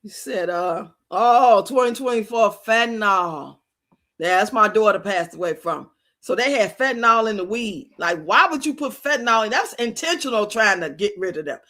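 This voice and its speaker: Bright-voiced chatty woman streamer. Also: mid-range voice, lively intonation, normal speed. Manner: chatty, laughs often, acts out quotes. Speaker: livestream host. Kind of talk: casual storytelling chat.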